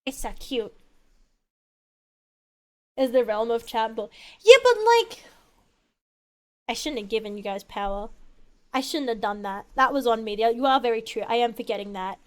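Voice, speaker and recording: Female streamer, high clear voice, chatty and rambling with swearing. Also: normal speed. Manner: rambling, expressive, swears freely, lots of fillers. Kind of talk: casual chat while gaming.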